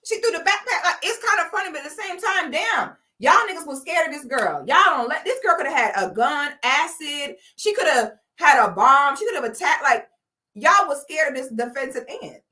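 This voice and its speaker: A woman hosting a casual livestream, telling a story with animated quoting and reading viewer comments aloud. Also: high voice, normal speed. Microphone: camera or phone mic on a live stream.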